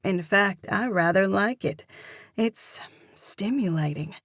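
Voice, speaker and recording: A woman narrating a first-person romance audiobook, in a measured, expressive manner. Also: medium pitch, dry recording, clean studio sound.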